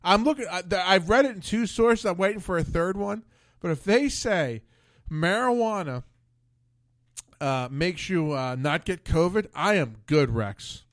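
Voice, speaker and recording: High-voiced man rambling, profane host. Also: lively intonation, unhurried, a bit bright, no echo. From Philadelphia area. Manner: rambling, profane storytelling with many restarts. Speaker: podcast host. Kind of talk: casual chat.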